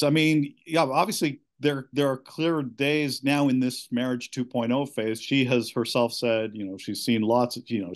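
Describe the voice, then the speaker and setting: Halting middle-aged man telling his story. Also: mid-range voice. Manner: halting, many restarts and repeated words. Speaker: caller seeking coaching. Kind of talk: candid personal account.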